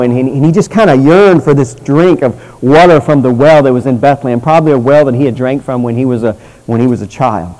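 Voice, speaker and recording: Guy preaching a sermon, warm mellow voice, earnest, slows down to stress stuff. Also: medium pitch, rough recording. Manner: earnest teaching tone, slows for emphasis, drops soft at phrase ends.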